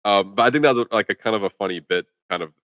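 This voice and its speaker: Low-voiced guy rattling through a movie review, lots of "like", dry close sound. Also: rapid-fire, a bit bright, no room sound. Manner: rambling, filler-heavy with lots of "like". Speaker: podcast co-host. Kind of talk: casual chat, movie review.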